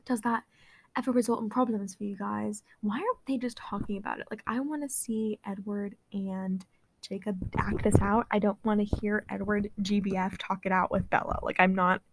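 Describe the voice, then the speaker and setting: A woman's voice: medium pitch, steady tone, normal speed, slight background noise. A woman reading fan fiction aloud and breaking off for sarcastic, exasperated asides. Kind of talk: comedic reading with commentary.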